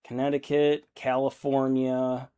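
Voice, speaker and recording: Man, young adult, casual live-stream chat, slow unhurried talk, rambling, laughs a lot, thinks aloud. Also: mid-range voice, monotone, warm tone, smooth. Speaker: streamer painting miniatures.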